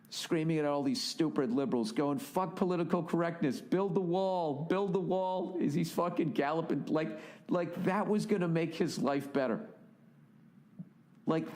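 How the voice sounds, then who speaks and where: A man's voice: on the high side, a little mellow. A man hosting a podcast, delivering an exasperated, heavily profane solo rant with sarcastic, mocking asides. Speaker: podcast host.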